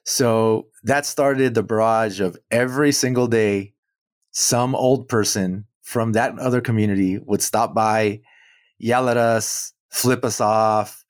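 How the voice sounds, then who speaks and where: A man, a muralist guest on an interview show, telling a story in an animated way and acting out the quoted dialogue. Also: lowish voice, takes it slowly, dry recording, studio quality. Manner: animated, acts out quoted dialogue, chuckles between points.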